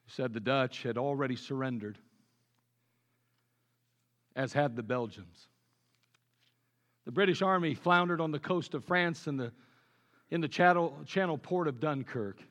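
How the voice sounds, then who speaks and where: A man preaching a sermon with earnest conviction, dropping low and quiet on his key points. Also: expressive, measured pace, long pauses. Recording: long reverb of a large hall.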